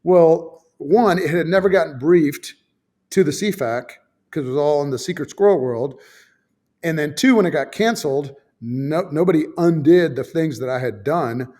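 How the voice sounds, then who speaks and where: A man's voice: fairly high pitch, normal speed, dark tone. A man in his fifties, a former fighter pilot, telling a story as a guest in casual conversation; he swears freely, pokes fun at himself and stacks fillers and restarts.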